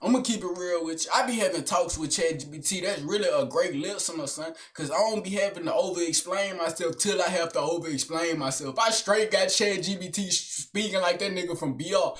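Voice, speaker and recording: A young man doing a high-energy comedic rant to camera, slangy and swaggering, swinging between shouting and low mutters. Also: a little fast, few pauses. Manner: slangy, keeps tagging lines with son and big brother. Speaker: comedic vlogger.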